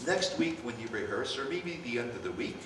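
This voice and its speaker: A man's voice: mid-range voice, a little fast. Older man coaching a band in an echoey hall. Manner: animated, calls out cues. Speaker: band conductor. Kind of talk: rehearsal coaching. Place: large rehearsal hall. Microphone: distant room mic. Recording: far-off echoey hall, noisy.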